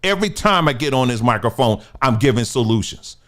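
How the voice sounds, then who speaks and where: A man's voice: mid-range voice, lively intonation, a little fast, a bit bright. A man giving a ranting commentary monologue, firing off rhetorical questions and stumbling over repeated words as he pushes his point. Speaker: online commentator.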